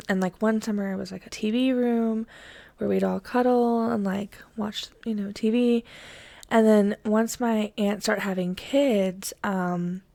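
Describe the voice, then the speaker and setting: A woman's voice: mid-range voice, steady tone, unhurried, gravelly, dark tone, no room sound. A young woman, hosting and telling a story casually, full of fillers, often dropping to a whisper for suspense. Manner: chatty, lots of fillers, drops to a whisper for suspense. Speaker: host.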